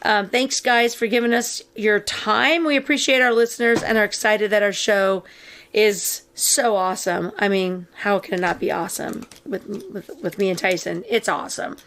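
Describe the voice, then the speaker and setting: A woman's voice: mid-range voice, steady tone, moderate pace, fairly bright tone. A woman co-hosting a casual podcast, talking in a rambling, sarcastic way and laughing often. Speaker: podcast co-host.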